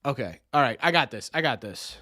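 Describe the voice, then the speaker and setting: A man's voice: medium pitch, lively intonation, brisk, pushed and bright, no echo, clean studio sound. A young man streaming, thinking aloud through a quiz and mocking himself when he gets answers wrong. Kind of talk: live stream chat.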